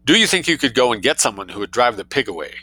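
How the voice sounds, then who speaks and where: A man's voice: mid-range voice, big pitch swings, quick pace, sharp tone, rough recording. A man reading aloud, voicing a flustered, exasperated older lady trapped in a garden. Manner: reluctant, exasperated.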